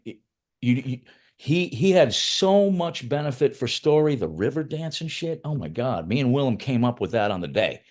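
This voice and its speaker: A man's voice: mid-range voice, darkish tone. A middle-aged man, a film writer-director, telling loose, profane anecdotes in a casual interview, with frequent restarts.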